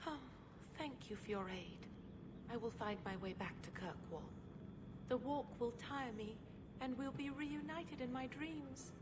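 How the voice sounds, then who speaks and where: A woman's voice: sits high, measured pace. An actress voicing a dreamy, lovestruck young woman in a video game, with a theatrical romantic delivery. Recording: game audio with ambient noise.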